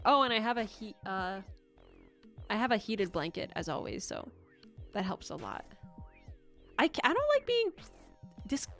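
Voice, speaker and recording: A young woman streaming from home, chatting casually with viewers in a rambling, giggly way, with bursts of squealing baby talk. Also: medium pitch.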